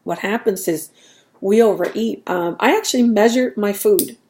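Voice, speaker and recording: Woman vlogger, casual and chatty, mellow tone, rambling self-deprecating delivery. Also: mid-range voice, normal speed. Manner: chatty and rambling, laughs at herself. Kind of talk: casual chat.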